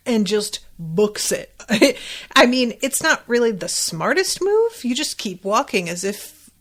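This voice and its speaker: A woman's voice: medium pitch, measured pace. A woman hosting a podcast, recapping an episode in casual, chatty talk and acting out quoted lines as she goes. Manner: chatty, animated retelling with quoted asides. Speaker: podcast host. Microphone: desk microphone.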